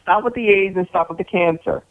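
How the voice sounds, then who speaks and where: A man's voice: high voice, brisk, dry recording. Exasperated man on a tinny phone line. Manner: exasperated, stammering. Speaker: caller, chat room owner. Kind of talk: phone call-in.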